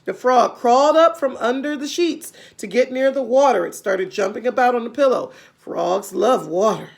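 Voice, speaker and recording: A woman reading a children's storybook aloud with expressive delivery and her own asides. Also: on the high side, moderate pace, vocal fry. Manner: expressive, adds gasps and asides.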